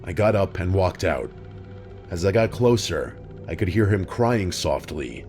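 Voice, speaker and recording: A man reading a scripted true horror story in a steady, even storytelling manner. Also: sits low, measured pace, soft background music. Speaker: story narrator.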